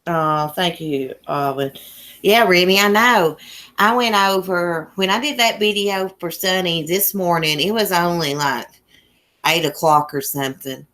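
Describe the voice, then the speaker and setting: A woman's voice: on the low side, unhurried, a bit bright. A woman from Southwest Virginia with a strong Appalachian country accent, hosting a casual livestream, chatting folksily and laughing often. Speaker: YouTube livestream host. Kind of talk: casual livestream chat reading comments. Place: home in a small mountain town.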